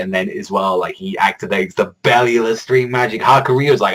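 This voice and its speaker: A man hosting a manga reaction video in excitable, rambling casual commentary, swearing a lot and stacking fillers. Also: medium pitch, moderate pace, hardly any pauses, poor audio. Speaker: manga reaction channel host.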